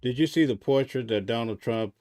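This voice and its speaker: A man co-hosting a live stream, talking casually in a halting way and asking the host questions. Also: mid-range voice, darkish tone, no room sound, clean studio sound. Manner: halting, with fillers, asks questions. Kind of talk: casual conversation.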